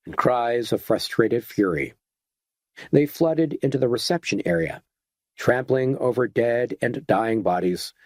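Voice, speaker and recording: A man reads a horror novel aloud in a steady, dramatic manner, in a mid-range voice. The recording is close and completely dry, with no room sound. It is scripted audiobook narration. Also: medium pitch, no echo.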